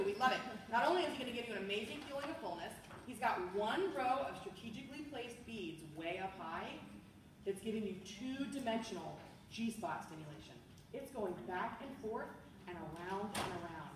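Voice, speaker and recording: A bubbly, playful woman giving a lively product demonstration to a group as a party sales consultant. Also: a little high, noisy background. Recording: echoey room, far from mic.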